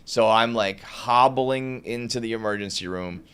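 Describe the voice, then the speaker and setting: A man's voice: mid-range voice, measured pace, very noisy. A young man telling a long, rambling story on a podcast, full of "like" and laughing at his own tale.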